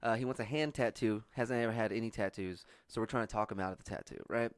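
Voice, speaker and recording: A man's voice: lowish voice, quick pace, clear, resonant tone, no room sound. A man, hosting a casual podcast and telling rambling, profane stories. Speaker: podcast host. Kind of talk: casual storytelling chat.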